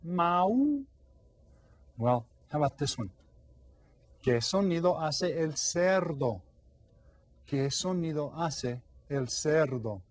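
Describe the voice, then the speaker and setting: A man's voice: on the high side, takes it slowly, darkish tone, no room sound. A man teaching a playful children's Spanish lesson, coaxing the kids with questions and mimicking animal sounds.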